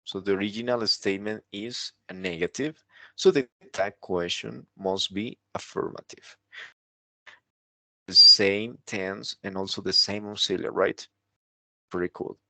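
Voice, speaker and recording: A male teacher talks through a grammar lesson at an unhurried, deliberate pace, his fairly low voice carrying a gravelly edge. He keeps pausing to check in with the listener, and the sound is dry and close. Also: bright, forceful tone, no echo. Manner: explanatory, keeps checking with "right?". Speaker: English teacher.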